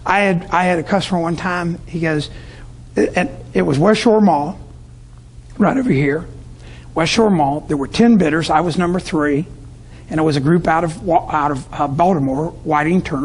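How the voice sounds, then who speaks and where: A man's voice: fairly high pitch, normal speed, breathy edge. A middle-aged man from Tampa, Florida, speaking to business owners in a storytelling sales talk and acting out his customers' voices. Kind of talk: sales talk to a live audience.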